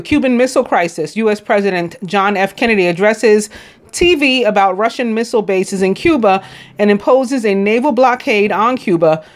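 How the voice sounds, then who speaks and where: A woman with a New York accent reading a daily list of history facts as a tarot reader, stumbling on names and adding casual asides. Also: mid-range voice. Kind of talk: reading daily almanac notes.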